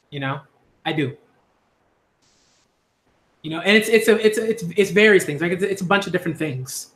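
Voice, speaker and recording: A man's voice: high voice, lively intonation, normal speed, long pauses, sharp tone, echoey room. A man speaking earnestly in a casual monologue, repeating himself with many fillers and restarts. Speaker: YouTube commentator.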